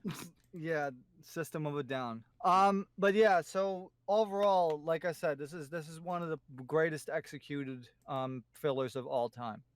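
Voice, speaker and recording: A man with a New York accent co-hosting a podcast, his voice smooth and fairly high. He talks bluntly and swears freely, with a dry, close sound. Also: a little slow, no echo. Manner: blunt and profane, emphatic. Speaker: podcast co-host. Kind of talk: casual chat.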